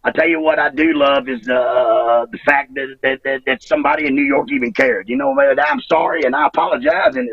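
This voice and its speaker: Gravelly, emotional man in his fifties. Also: a little high, animated, dry recording, distant mic, muffled recording. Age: 50s. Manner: halting, repeats words, swears freely, emotional. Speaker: retired wrestler, interview guest. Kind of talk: emotional interview over a call.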